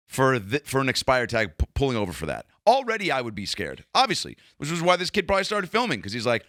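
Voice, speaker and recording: Profane comedian host, dry close sound. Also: male voice, mid-range voice, no echo. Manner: profane, animated, acts out quotes in raised voices. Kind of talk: casual comedic monologue.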